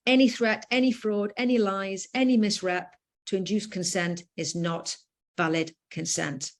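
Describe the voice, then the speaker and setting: A woman's voice: mid-range voice, fairly even intonation, unhurried. A British woman lecturing firmly and emphatically, with frequent fillers. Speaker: educator giving a talk.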